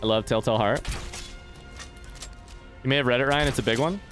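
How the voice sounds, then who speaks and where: A man's voice: mid-range voice, brisk, a bit bright, soft background music. A young man doing live gameplay commentary, rambling, joking and swearing as he chats to his viewers. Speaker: let's play streamer.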